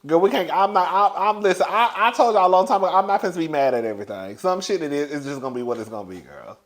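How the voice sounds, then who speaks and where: A man's voice: sits high, animated, quick pace. A man giving casual, sassy celebrity gossip commentary, laughing often and calling his listeners "girl". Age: older than young adult.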